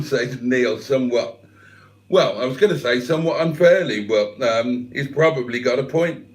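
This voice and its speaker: With a medium-pitched voice, a measured pace and frequent pauses, this older livestream host reads out what viewers have commented. The room sounds reverberant, and his casual banter is jokey and self-deprecating.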